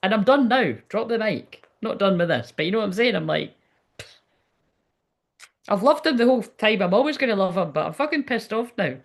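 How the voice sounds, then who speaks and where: Her voice is mid-range with lively intonation, and she speaks fairly quickly. She's an adult Scottish spiritual reader, online for ten years, giving a casual tarot reading on a livestream. Her style is blunt and chatty, full of swearing and fillers.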